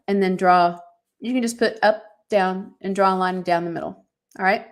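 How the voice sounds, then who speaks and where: A woman's voice: mid-range voice, steady tone, moderate pace. Emphatic woman hosting a motivational podcast. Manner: emphatic, preacher-like exhortations. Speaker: podcast host. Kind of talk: motivational podcast talk, reading from her own journal.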